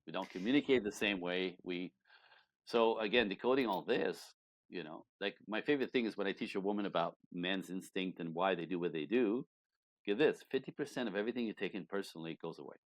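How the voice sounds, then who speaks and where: A man, a relationship coach, talking as a guest in an interview with emphatic, animated delivery. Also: deep voice, brisk. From Canada. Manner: animated, emphatic, acts out quoted voices. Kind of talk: conversational interview.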